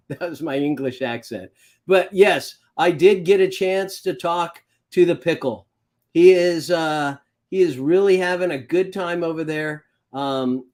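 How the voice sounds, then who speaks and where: A man hosting a live chat show, speaking in halting phrases with many pauses. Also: a little high, darkish tone. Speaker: host.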